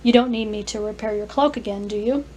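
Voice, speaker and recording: A woman voicing a practical young woman who runs a shop, speaking in lively, brisk questions. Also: medium pitch, slight background noise, natural voice.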